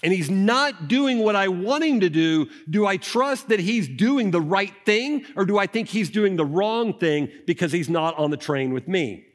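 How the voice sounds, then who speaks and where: A man preaching a conversational sermon, animated and full of rhetorical questions. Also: high voice, normal speed, few pauses.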